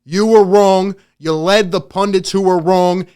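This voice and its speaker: A man hosting a sports channel, ranting in emphatic, excitable commentary and laughing often. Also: sits high, unhurried, clean tone.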